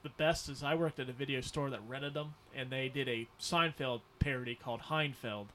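A man's voice: mid-range voice, steady tone, moderate pace, sharp tone. Joking man rambling over faint noise. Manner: rambling, jokey, swears casually. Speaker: podcast co-host. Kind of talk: casual watch-along chat.

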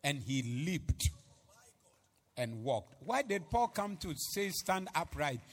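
Preacher, slow fervent sermon, bright ringing voice with wide pitch swings. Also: male voice, very animated. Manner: loud swings from hushed to shouting, chanting repetition.

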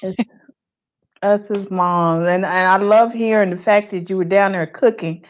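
A woman's voice: medium pitch, fairly even intonation, a little slow. A woman from California hosting a sports talk show, asking encouraging questions in casual chat. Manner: encouraging interviewer. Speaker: host. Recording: dull lo-fi sound.

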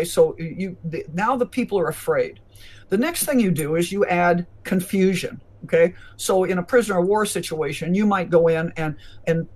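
A man with a notably high voice, talking as a physician guest in an interview. He lectures emphatically, laying out his points one by one. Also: darkish tone. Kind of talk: conversational interview.

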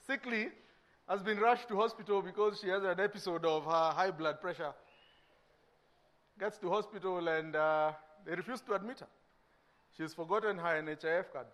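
A Kenyan man delivers a sermon in a high-pitched voice. He preaches with energy, dropping to hushed lines and then rising again, and acts out everyday dialogues to make his point. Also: moderate pace. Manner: animated preaching, acting out mock dialogues, swinging between loud and hushed. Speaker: pastor.

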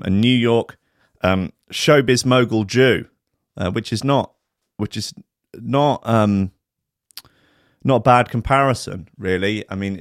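A man's voice: lowish voice, dry recording, studio quality. A man hosting a radio show, rambling casually with crude jokes and stammering restarts. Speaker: radio host.

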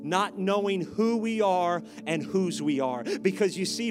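A man preaching a sermon as pastor, joking in asides and building to loud, emphatic exhortations. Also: high voice, expressive, measured pace, hardly any pauses, music in the background.

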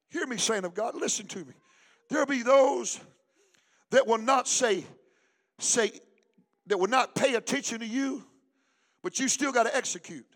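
A man pastor preaching a sermon in church, rising into shouts and a sing-song cadence and calling for the congregation to respond. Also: very high-pitched, moderate pace, long pauses.

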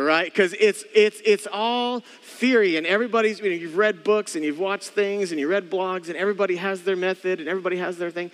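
A man's voice: high voice, a little fast, a bit bright, big-room sound. A man in his thirties preaching a casual, joking sermon as a pastor, talking straight to his congregation. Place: church hall.

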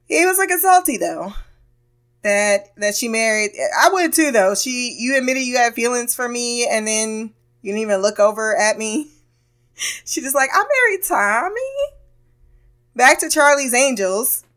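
A woman's voice: fairly high pitch, moderate pace, fairly bright tone. A woman hosting a podcast, recapping a TV episode in a loose, blunt and profane way, laughing often and acting out characters' lines. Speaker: podcast host.

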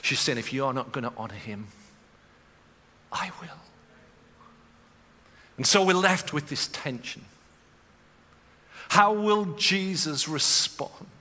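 Preacher in a reverberant hall. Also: male voice, a little high, expressive, slow, long pauses. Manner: builds from quiet storytelling to loud, impassioned preaching. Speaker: pastor. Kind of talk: sermon. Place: church auditorium. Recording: long reverb of a large hall.

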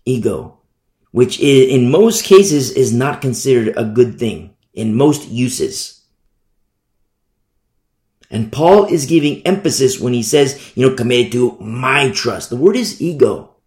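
A man's voice: medium pitch, expressive, takes it slowly, darkish tone, roomy sound. A man preaching a verse-by-verse Bible study sermon, repeating phrases and asking rhetorical questions. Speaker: pastor. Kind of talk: expository Bible teaching sermon.

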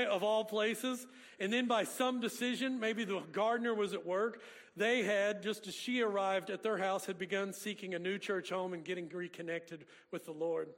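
The man's voice is high and a little bright as he, a pastor, preaches a sermon woven with folksy stories. The setting is a church sanctuary, and the sound has a church hall's long reverb.

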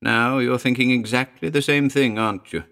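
A man's voice: medium pitch, fairly even intonation, moderate pace, vocal fry, fairly bright tone. A man playing a scornful sardonic scientist. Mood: mocking. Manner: scornful, laughing. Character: arrogant, mocking male scientist, sardonic. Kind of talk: audiobook character voice.

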